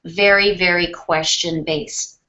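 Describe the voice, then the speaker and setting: A woman sales trainer coaching over a webinar, calm and question-based, with deliberate pauses. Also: on the low side, highs cut off.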